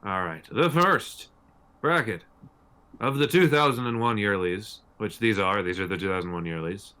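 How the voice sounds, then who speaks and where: A man's voice: on the low side, normal speed, bright, forceful tone, clean tone. A man co-hosting a casual panel chat, playfully reading out the bracket. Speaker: podcast co-host.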